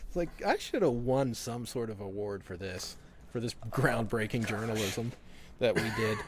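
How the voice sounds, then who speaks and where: A man's voice: fairly low pitch, expressive, normal speed, noisy background. A man in casual conversation, telling stories with frequent laughter and swearing. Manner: laughs often, profane storytelling. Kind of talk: casual chat.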